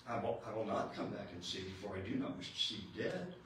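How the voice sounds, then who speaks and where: A man voicing a kind, bold young maiden in a story sermon, speaking gently and earnestly, recorded in an echoey church. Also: on the low side, big pitch swings, fast, distant mic, slight background noise, voice pushed down.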